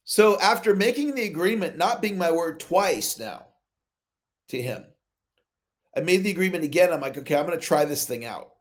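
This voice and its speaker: A man's voice: on the high side, moderate pace. A man hosting a motivational coaching call over video, telling stories and acting out both sides of his conversations. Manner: animated storytelling, acts out both sides of dialogues. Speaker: sales coach, call host. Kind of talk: motivational talk on a live call.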